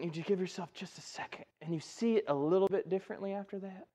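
Giving a sermon in a church sanctuary, a male pastor speaks fast in a high, expressive, slightly mellow voice. He keeps things conversational and repeatedly checks in with "right?".

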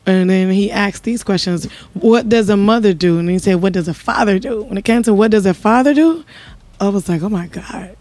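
A woman guest on a podcast, telling stories in a lively, casual way and acting out what people said. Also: medium pitch, fairly quick, no room sound. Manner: animated storyteller, acts out quotes.

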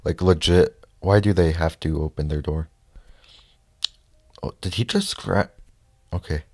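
A man giving casual gameplay commentary, reacting loudly to the race and muttering frustrated asides. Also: low voice, a little slow, no room sound, studio quality. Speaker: let's play gamer.

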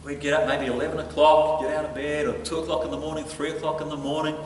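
Male pastor, storytelling sermon, fairly high voice, big echoey church hall, mic far off. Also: fast, a little hiss or hum. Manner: animated storyteller, chuckles between lines.

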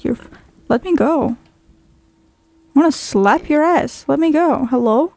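A woman's voice: sits high, measured pace, gravelly, long pauses, darkish tone, dry recording. A woman playing a horror game, swearing constantly and talking to herself, easily startled. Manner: jumpy, heavily profane, talks to herself. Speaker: game streamer. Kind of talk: horror game let's play commentary.

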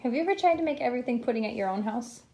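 A woman's voice: fairly high pitch, animated, very fast, warm tone, a little hiss or hum. A woman standing outside in a neighborhood, asking children friendly questions in a casual chat. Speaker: host interviewing children. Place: outdoors in a neighborhood street.

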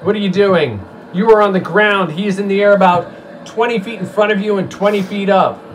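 Game master, man, high voice, casual, calls turns; noisy home mic. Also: fairly quick. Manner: asks players for their turns, thinks aloud. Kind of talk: running a tabletop game. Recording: noisy home stream audio.

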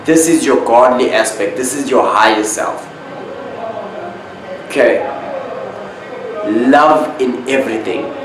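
Male spiritual host, unhurried monologue, emphatic repeats, boomy room with faint background hiss. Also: heavy reverb. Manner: slow, drawn-out, repeats key words for emphasis.

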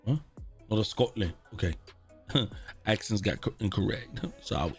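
A man's voice: fairly low pitch, moderate pace, faint music behind. A young man streaming a video game, talking casually and cursing at the screen. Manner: profane, trash-talking. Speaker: gaming streamer. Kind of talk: casual gameplay commentary. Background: video game audio.

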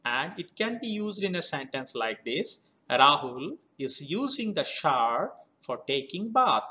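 A man teaching a children's poem, explaining words slowly and spelling them out letter by letter. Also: fairly high pitch, big pitch swings, bright, forceful tone. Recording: slightly dull lo-fi recording.

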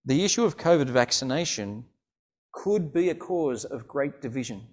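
A man leading an online church service, speaking in a slow, earnest pastoral way from a church. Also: medium pitch, lively intonation.

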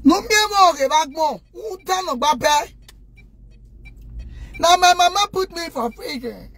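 A woman with a Nigerian accent in an impassioned rant to the camera, scolding loudly and indignantly and addressing her viewers directly. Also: very high voice, expressive, measured pace, no echo.

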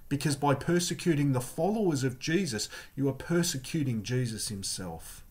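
A man's voice: mid-range voice, expressive, normal speed, hardly any pauses, a little mellow. A man preaching an online church sermon, earnest and emphatic, building his points through repeated phrases. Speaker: Salvation Army pastor.

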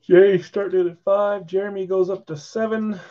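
Hosting a live card break stream, a tired man yawns while he chats casually and calls bids and sales. His voice sits high with a dark tone, little pitch movement and an unhurried pace, and the lo-fi stream audio is slightly dull.

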